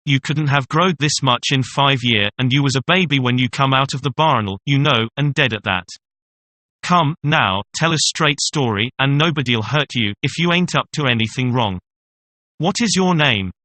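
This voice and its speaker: A man reading an audiobook, voicing a rough but kindly raftsman in folksy backwoods dialect. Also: mid-range voice, moderate pace, pushed and bright, a little hiss or hum, close to an everyday voice. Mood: stern coaxing.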